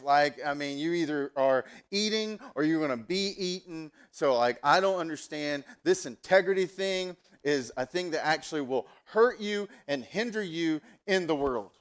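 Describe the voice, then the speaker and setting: A man preaching a sermon at a church service, conversational and animated, telling stories in a casual way. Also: on the high side, moderate pace, clear, resonant tone. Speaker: pastor.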